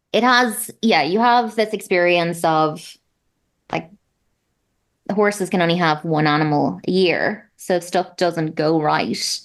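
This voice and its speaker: Chatty Irish woman, lowish voice. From Ireland. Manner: chatty, self-deprecating, many fillers. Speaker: guest athlete. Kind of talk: casual interview chat.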